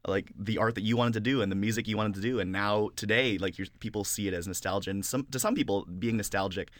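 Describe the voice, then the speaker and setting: Fast-talking low-voiced male co-host. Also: no echo, studio quality. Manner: rapid, musing questions with fillers. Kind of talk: casual interview chat.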